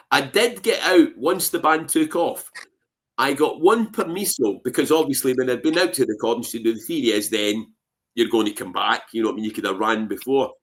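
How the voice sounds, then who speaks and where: A Scottish man telling anecdotes in a casual interview, animated and full of "you know what I mean" fillers. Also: mid-range voice. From Scotland. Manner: animated, acts out voices in his anecdotes. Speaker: interview guest.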